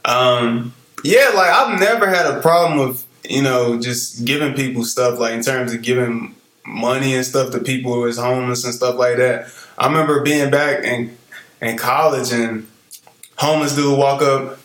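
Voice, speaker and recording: A man with a mid-range voice talks casually, retelling a story with quoted lines in a relaxed way. His voice has noticeable room echo around it. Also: medium pitch, normal speed. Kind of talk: casual conversational chat.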